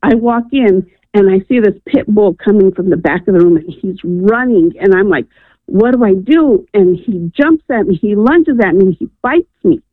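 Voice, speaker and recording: A woman's voice: mid-range voice, expressive, moderate pace, dry recording. A woman from New Mexico tells a personal story as a caller on a call-in radio show. She speaks earnestly and with animation, and she acts out the people in her tale. Her voice comes through a narrow, tinny phone line and sounds dry. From New Mexico, USA.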